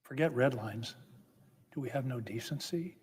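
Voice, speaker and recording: A man's voice: mid-range voice, normal speed, a little mellow, breathy edge. A man giving a formal, impassioned floor speech as a senator, emphatic and building with repeated phrases. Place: legislative chamber. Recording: long reverb of a large chamber.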